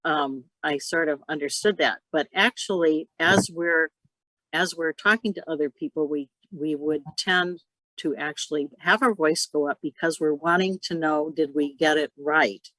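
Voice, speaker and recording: Woman instructor for a video-call workshop, bright crisp tone, dry close sound, explains with stories. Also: low-pitched, normal speed, no room sound, poor audio. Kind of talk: online workshop teaching.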